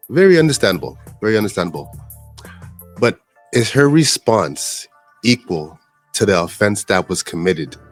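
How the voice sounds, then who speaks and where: A man hosting a reaction show, weighing in with calm, measured commentary and a moralizing tone. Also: sits low. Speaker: reaction host.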